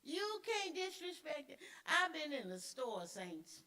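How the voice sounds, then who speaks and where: Woman Sunday school teacher, middle-aged, fairly high voice, emphatic and chatty. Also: very animated, measured pace, bright, forceful tone. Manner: emphatic, repeats key words; conversational with call-and-response fillers. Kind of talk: church teaching.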